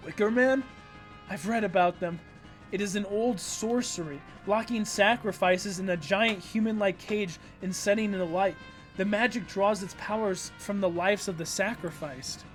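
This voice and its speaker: A studious young girl witch explains old sorcery in a calm, level voice, as a man reads her lines in a comic read-along. She sounds thoughtful and sure of herself. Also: sits high, moderate pace, soft background music, lightly acted. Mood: explaining.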